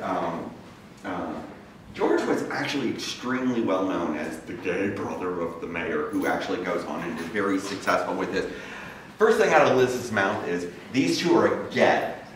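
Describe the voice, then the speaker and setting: A guest speaker with a low-pitched, fairly bright voice addresses an audience in a large campus lecture room at normal speed. He tells his story in an animated, casual, conversational way and acts out the voices of people he quotes. The room is very echoey, he stands far from the mic, and there's faint noise.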